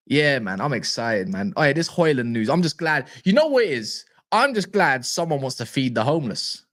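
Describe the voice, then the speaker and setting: Here a young man speaks at medium pitch and a moderate pace, rarely pausing, as he hangs out on a football fan live stream. His talk is lively, playful banter full of slang.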